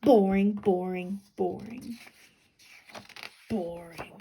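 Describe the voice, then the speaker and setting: A woman's voice: medium pitch, very slow, dark tone, a little hiss or hum, voice pushed down. Woman doing a grumpy bored potato. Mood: dismissive. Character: grumpy unimpressed male potato.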